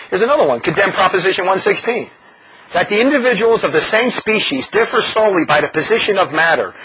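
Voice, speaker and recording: Animated, mocking male preacher. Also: sits high. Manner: animated, mocking, laughs often. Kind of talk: sermon. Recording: dull lo-fi recording with faint noise.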